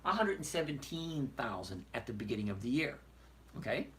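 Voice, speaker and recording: Male stream host, mid pitch, casual, blunt, walks through figures step by step, faint background noise. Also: very animated, fairly quick, fairly bright tone. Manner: reads chat questions aloud, jokey, blunt, walks through numbers on screen. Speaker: trading show host answering viewer questions. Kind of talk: casual live stream chat.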